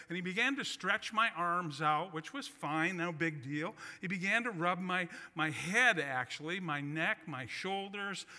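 In a high, bright, forceful voice, this pastor delivers a sermon built around a personal story full of homespun, self-mocking humor. The recording echoes with the lengthy reverb of a large hall.

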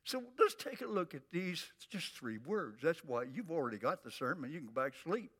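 An older man preaching a sermon in a folksy, emphatic way, drawing out repeated phrases slowly. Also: a little high, very animated, a bit bright, husky, big-room sound. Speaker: pastor.

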